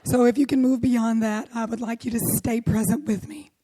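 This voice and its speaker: A middle-aged woman minister with a hoarse, worn voice, delivering a sermon and often dropping to a whisper for emphasis. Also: a little high, steady tone, normal speed, dark tone, no room sound. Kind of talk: sermon with opening prayer.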